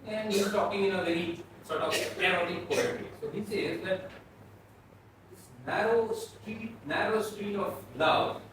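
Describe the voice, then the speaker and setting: A man from Bhutan giving a classroom philosophy lecture, explaining slowly and repeating and restarting his phrases. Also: high-pitched, sing-song, fairly bright tone. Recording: echoey room, mic far off, faint noise.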